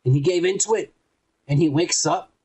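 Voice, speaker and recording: This podcast host, a man with a fairly high, mellow and slightly rough voice, speaks at normal speed. He casually recaps a TV episode, rambling and cursing and performing lots of the quotes.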